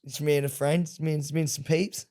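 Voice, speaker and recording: A man's voice: a little high, little pitch movement, a little fast, dark tone. A man co-hosting a podcast, telling a rambling story in casual chat, laughing and swearing often. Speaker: podcast co-host.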